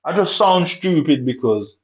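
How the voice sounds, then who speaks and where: A man's voice: on the high side, animated, measured pace, highs cut off. A man with a Jamaican accent, ranting angrily over gameplay, swearing constantly and using street slang. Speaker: gamer.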